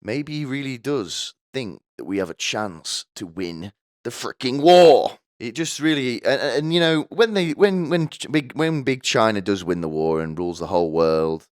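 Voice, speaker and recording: A man's voice: mid-range voice, animated, moderate pace, no room sound, studio quality. A young man hosting a podcast with a crude, rambling, sardonic comedic monologue. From United Kingdom. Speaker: podcast host.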